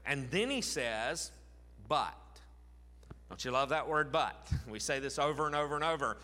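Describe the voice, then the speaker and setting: A man preaches to his congregation in a bright, forceful voice that sits a little high for a man. He talks in an easy, conversational way, with fillers and questions to the listeners. The sound carries a long reverb from the church hall. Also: animated, fairly quick. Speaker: pastor. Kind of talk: sermon.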